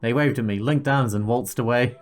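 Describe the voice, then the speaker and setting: A man narrates an interactive story game aloud, breaking off for casual, jokey asides. His voice sits at an ordinary middle pitch. Faint music plays softly underneath. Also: fairly quick. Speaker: gaming channel host.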